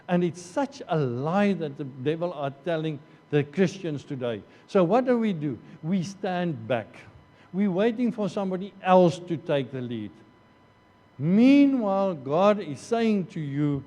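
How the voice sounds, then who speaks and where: A man's voice: fairly high pitch, lively intonation, unhurried, warm tone. A man preaching a sermon as pastor, earnest, often repeating phrases and restarting. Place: church hall. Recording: long church hall reverb.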